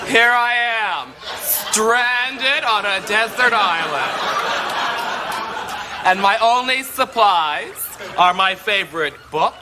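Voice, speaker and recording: An actor playing a flamboyant, vain and catty gay socialite, delivering a theatrical sketch comedy monologue. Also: male voice, high-pitched, takes it slowly, noisy background. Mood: arch. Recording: music bed under the voice.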